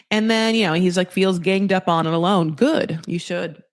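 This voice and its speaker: Woman doing a casual tv recap podcast, lowish voice, super dry sound, sarcastic, swears a lot, lots of likes and ums. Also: dry recording. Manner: chatty, profane, sarcastic, many fillers. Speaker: podcast host.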